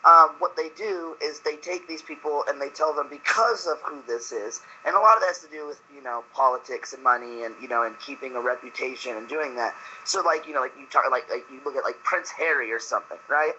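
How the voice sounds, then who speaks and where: A man's voice: mid-range voice, a little fast, hardly any pauses, bright, forceful tone, dull audio, a little hiss or hum. A man in casual talk, blunt and opinionated, swearing freely. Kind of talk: casual chat.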